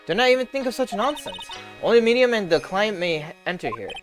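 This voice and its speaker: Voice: medium pitch, expressive, quick pace, soft background music, natural voice. Stern older matriarch, voiced by a streamer, stiff archaic politeness, wide-ranging delivery. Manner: stiff, archaic politeness, repeats "good sir". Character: stern, formal older woman, head of a spirit-medium family.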